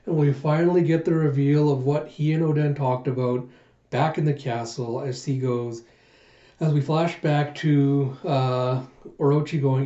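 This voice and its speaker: A man's voice: medium pitch, steady tone, measured pace, mellow. A man hosting a manga reaction, retelling the chapter in a loose, rambling way, in a muffled echoey room recording. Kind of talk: casual recap narration.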